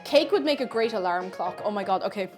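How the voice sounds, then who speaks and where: A woman livestreamer and VTuber chats as she cooks on stream, her voice lively and higher, with faint music in the background. She talks fast, playful and chatty, breaking into silly noises and singing along.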